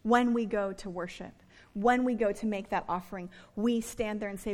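A woman preaching a sermon in a conversational, animated way, with playful asides to her listeners. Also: mid-range voice, normal speed.

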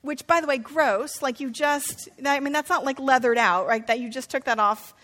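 A woman's voice: high-pitched, moderate pace, sharp tone. A woman teaching a casual Bible study, chatty and playful, often turning to her listeners with questions.

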